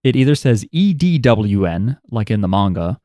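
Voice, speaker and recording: A man's voice: fairly low pitch, sing-song, moderate pace, dark tone, dry recording, clean studio sound. A man co-hosting a podcast in casual chat, joking and rambling with some swearing. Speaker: podcast co-host.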